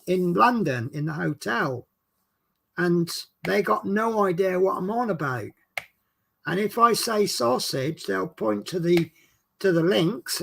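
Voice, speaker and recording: A man's voice: sits high, creaky, fairly bright tone, a little hiss or hum. A man with a Norfolk accent, hosting a casual chat and rambling along in a chatty, self-mocking way. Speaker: podcast host.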